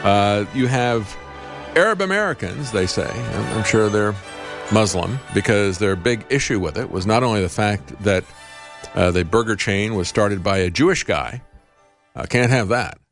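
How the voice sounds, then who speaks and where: A man hosting a talk show and giving opinionated political commentary, arguing with rhetorical questions, frequent uhs, and sudden upward jumps in pitch on his emphatic points. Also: animated, normal speed, faint music behind.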